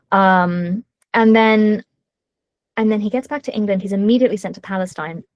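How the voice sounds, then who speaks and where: A woman author in a casual interview, telling stories in a lively way with quick asides and many fillers. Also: mid-range voice, dry recording.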